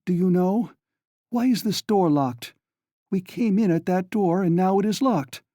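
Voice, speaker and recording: A man's voice: high-pitched, a little slow, mellow, dry recording, clean studio sound, voice pushed up. A man voicing a distraught young woman who pleads frantically in a raised voice. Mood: accusing.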